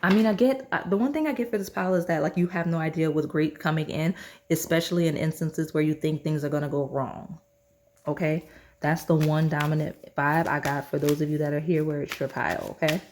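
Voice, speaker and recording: Female tarot reader, deep-set voice, casual rambling delivery full of "um" and "like". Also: steady tone, brisk, a little mellow, a little hiss or hum. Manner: rambling, chatty, many fillers and restarts. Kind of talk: casual pick-a-card tarot reading.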